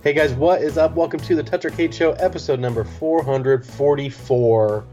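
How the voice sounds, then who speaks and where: A man's voice: fairly high pitch, normal speed, dark tone, faint music behind. A man hosting a podcast, chatting casually and rambling, with many fillers and easy laughs. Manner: laid-back, rambling, frequent fillers and laughs. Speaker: podcast host.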